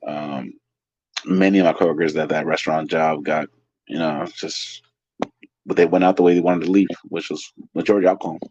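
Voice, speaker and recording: A man's voice: a bass voice, fairly even intonation, a little fast, darkish tone, slightly rough, no echo. A man from California, a waiter, telling loose, profane stories in a casual interview. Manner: profane, loose anecdotal storytelling. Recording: dry, slightly muffled.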